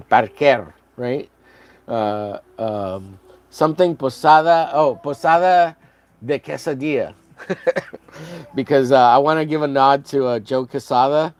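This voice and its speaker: A man's voice: medium pitch, darkish tone. A man casually chatting on a livestream while coloring a comic, rambling with many fillers and laughing at his own jokes.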